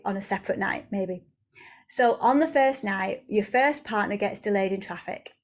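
A woman hosting a motivational podcast for women, coaching in a lively monologue, acting out quoted voices and swearing freely. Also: a little high.

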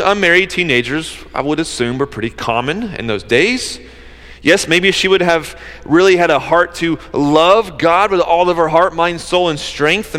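A man's voice: on the high side, a bit bright. A man preaching a sermon, earnest and conversational, at times rising to fervent emphasis. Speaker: pastor. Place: church service. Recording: long reverb of a large hall.

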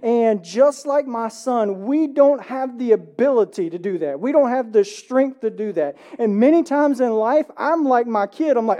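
A man's voice: extremely high pitch, normal speed, hardly any pauses, dark tone, muffled recording. A man in his thirties, a pastor preaching an Easter sermon in church in a conversational storytelling way, often checking in with "right?". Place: church sanctuary.

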